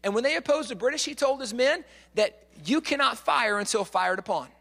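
A man giving a lively storytelling lecture, acting out quotes and often repeating words. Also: very high voice, fairly quick, vocal fry. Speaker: speaker. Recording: long hall reverb.

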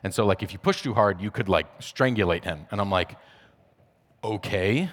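A man with a low-pitched voice tells a personal faith testimony. He talks casually, full of fillers, and slips into quick acted-out dialogue. His voice carries a long reverb, as if spoken in a large hall. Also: animated. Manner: conversational, filler-heavy, acts out dialogue. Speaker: speaker sharing a personal testimony. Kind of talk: testimony talk.

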